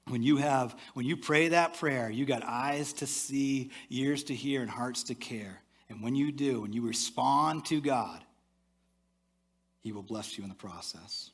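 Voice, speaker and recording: A male pastor preaching a sermon in church, talking to the congregation in a conversational way and dropping to a soft, low voice for asides. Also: moderate pace, slightly rough.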